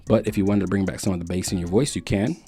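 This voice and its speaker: A man's voice: sits low, fast talker, warm tone. A man giving a casual, explanatory tech review in a home studio, sometimes repeating words as he thinks. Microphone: studio microphones being compared.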